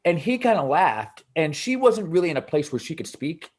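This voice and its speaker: A man who works as a DJ, telling a personal story in an animated way with halting restarts. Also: fairly high pitch, husky. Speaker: DJ asking a question.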